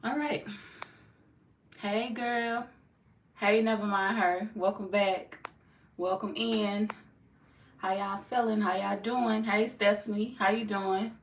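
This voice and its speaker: A woman, slightly hoarse, chatting casually on a live stream as a tarot reader, greeting viewers by name and swearing freely. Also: mid-range voice, fairly even intonation, slow, pauses often. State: slightly hoarse, feels she is losing her voice. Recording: echoey room, far from mic, faint noise.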